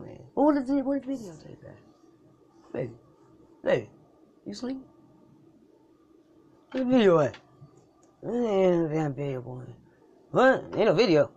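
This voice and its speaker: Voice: medium pitch, a little mellow, husky. A performer in a solo comedy skit voicing both sides of a bickering couple, with slangy, profane banter and mumbled asides. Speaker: comedic podcaster.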